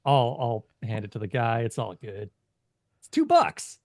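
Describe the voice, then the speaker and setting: A man voicing an eager, pushy teenage boy who talks his friends into a concert in a fast, wheedling pitch during a tabletop game. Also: huge pitch swings, a little mellow, dry recording, clean studio sound. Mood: breezy.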